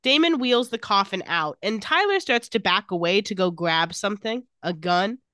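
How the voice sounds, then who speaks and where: Woman, podcast co-host, casual episode recap, quotes the characters, middle pitch, dry close sound. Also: animated, moderate pace, fairly bright tone, no echo. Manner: retells scenes, quoting characters' lines. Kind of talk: casual chat.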